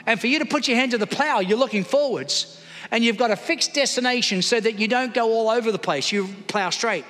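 A man's voice: sits high, animated, normal speed, sharp tone, soft background music. A man preaching a sermon in church, calling out to the congregation for responses. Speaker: pastor. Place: church hall. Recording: long hall reverb.

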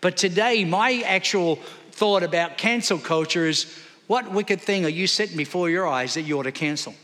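A man's voice: high voice, normal speed, fairly bright tone. A man preaching a sermon in church, calling out to the congregation for responses. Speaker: pastor. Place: church hall. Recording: long hall reverb.

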